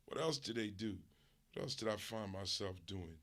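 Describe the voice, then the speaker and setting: A man from the US West Coast, a streamer host, delivering a casual, profane, animated comedic rant. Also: fairly low pitch, normal speed.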